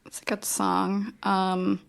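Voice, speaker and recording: Woman podcast co-host, gravelly mid-pitched voice, unhurried and hesitant. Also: monotone. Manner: unhurried, hesitant, lots of ums. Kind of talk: casual chat.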